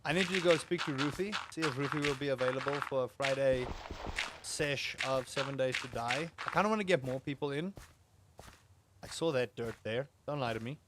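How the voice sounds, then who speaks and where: A man's voice: mid-range voice, fairly quick, background noise. Rambling young male game streamer. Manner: rambling, self-amused, talks to chat and to the game. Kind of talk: casual gameplay livestream chat.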